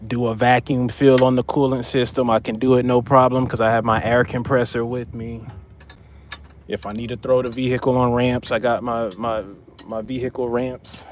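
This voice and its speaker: A man's voice: mid-range voice, slight background noise. A man chatting casually on a livestream while he works on a car as a part-time mobile mechanic, repeating himself for emphasis.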